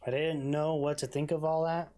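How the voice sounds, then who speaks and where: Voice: mid-range voice, level tone, normal speed, mellow. A let's-play gamer reading mystery game dialogue aloud and adding casual, jokey asides.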